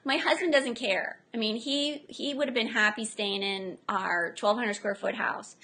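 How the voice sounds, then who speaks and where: A middle-aged woman entrepreneur chats as a guest in a casual interview. Her voice sits a little high and rings bright. She tells animated stories and slips into the voices of the people she quotes. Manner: animated storyteller, acts out quotes.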